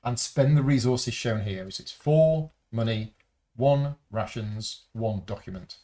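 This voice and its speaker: A man's voice: medium pitch, unhurried, dark tone, slight background noise. A man hosting a board game playthrough, methodically explaining rules and reading story card text aloud.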